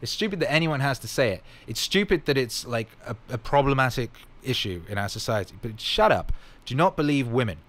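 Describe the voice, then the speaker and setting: A man's voice: medium pitch, expressive, a little fast, fairly bright tone. A man hosting a casual livestream Q&A, answering viewer questions in a blunt, emphatic way and swearing freely. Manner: repeats catchphrases.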